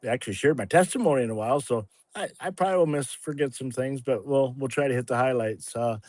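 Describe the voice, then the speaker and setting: Man in his sixties, guest telling his story, halting and rambling, mid-pitched voice. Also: darkish tone, no room sound. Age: 60s. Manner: rambling, halting, with many restarts and fillers. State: a little emotional at times. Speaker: guest sharing a testimony. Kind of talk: casual spoken testimony on a livestream.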